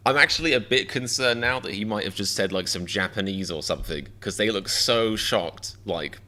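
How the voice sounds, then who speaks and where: A man streaming live reactions, rambling and self-mocking with quick jokes. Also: on the low side, sharp tone.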